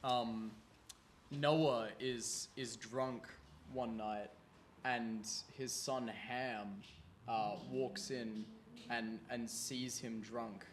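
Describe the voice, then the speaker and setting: A young adult man co-hosting a casual podcast, retelling things in a deliberate way. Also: medium pitch, steady tone, a little hiss or hum. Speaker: podcast co-host. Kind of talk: casual chat.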